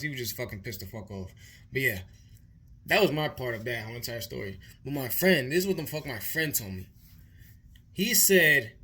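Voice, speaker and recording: A young man tells a story straight to camera in loose, profane speech that keeps circling back and restarting. His voice sits a little high and comes out bright and forceful. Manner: rambling, profane, repeats himself. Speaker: vlogger. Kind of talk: casual storytime monologue.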